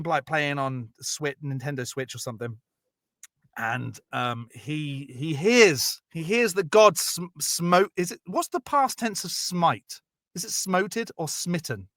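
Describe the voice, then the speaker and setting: A man telling a Bible story as a rambling, profane, jokey comedy podcast bit, slipping into quick character voices. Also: a little high, bright, forceful tone, no room sound, clean studio sound.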